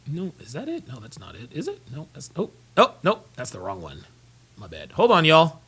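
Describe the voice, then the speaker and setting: A tired, yawning man hosts a casual livestream and rambles through viewer messages, repeating his phrases as he goes. His voice is fairly high and bright. His pitch swings freely from one phrase to the next. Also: wildly swooping pitch, normal speed, slightly rough. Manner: rambling, repeats himself, talks while fumbling for files. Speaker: livestream host reading super chats.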